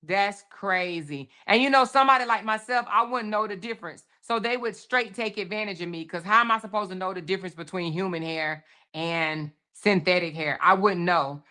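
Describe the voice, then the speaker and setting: A woman's voice: fairly low pitch, a little fast, pushed and bright. A woman hosting a commentary show, chatting casually and reacting to clips with asides to her audience. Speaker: host.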